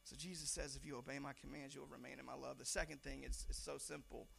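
A young man preaching a sermon in a church, talking conversationally, stumbling over repeated words and now and then shouting lines for emphasis. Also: medium pitch, little pitch movement, fast talker, vocal fry. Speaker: pastor.

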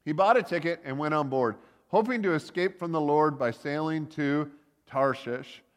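A man delivers a relaxed sermon, telling a story in plain talk and breaking off for wry asides. His voice sits a little high for a man, and the recording carries the long ringing reverb of a large hall. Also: normal speed. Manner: conversational, joking asides, many likes and uhs. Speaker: preacher.

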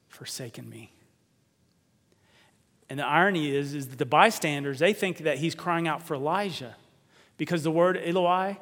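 A man's voice: a little high, a bit bright. Man preaching in a reverberant hall. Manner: emphatic, rhetorical questions, repeats words. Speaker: pastor. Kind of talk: sermon.

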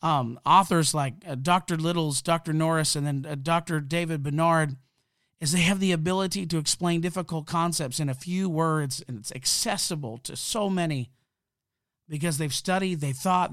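A man's voice: a little high, a bit bright, no room sound. A man hosting a podcast, delivering a fired-up, emphatic, preacherly monologue into a close mic. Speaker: podcast host.

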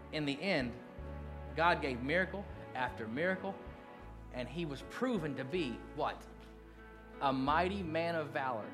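A middle-aged man preaching a sermon, earnest, dropping to hushed slow lines and then rising into animated bursts. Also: sits high. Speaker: pastor.

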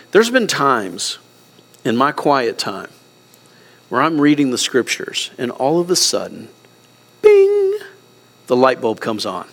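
A middle-aged man preaching a sermon as pastor, earnest and emotional, close to tears, swinging between soft passages and raised ones. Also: mid-range voice.

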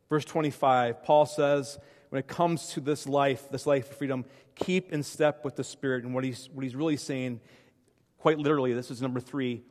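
A man's voice: on the high side, long reverb tail. A man preaching a conversational sermon, telling personal stories in a chatty, self-deprecating way with frequent restarts.

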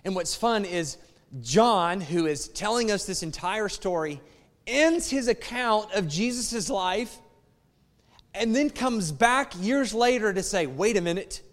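A man's voice: high-pitched, animated, slow. A man preaching a sermon in an emphatic, conversational way and often appealing directly to his listeners. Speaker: pastor. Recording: long reverb of a large hall.

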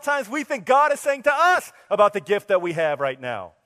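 A man in his thirties preaching a sermon, telling a funny story with acted dialogue, swinging from soft to loud. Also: high-pitched, big pitch swings, moderate pace, big-room sound. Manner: humorous, plays out scenes in quoted dialogue. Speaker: pastor.

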